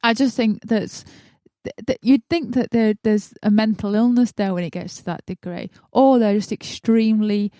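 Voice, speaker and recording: A woman's voice: mid-range voice, dark tone, no echo, clean studio sound. A woman co-hosting a podcast in casual chat, teasing her partner. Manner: teasing, quick to laugh. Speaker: podcast co-host. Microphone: podcast microphone.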